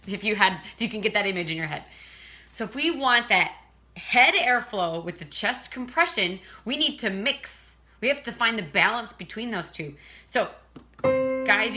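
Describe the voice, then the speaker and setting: A woman's voice: medium pitch, animated, moderate pace, bright, forceful tone, faint music behind. A woman teaching a casual singing lesson, chatting and breaking off to demonstrate vocal sounds.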